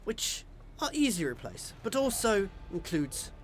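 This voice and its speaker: A man's voice: high voice, big pitch swings, a little slow. A man voicing a stuffy, pompous male ship administrator as he reads video game dialogue aloud in a formal, fussy manner. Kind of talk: video game voice-over reading.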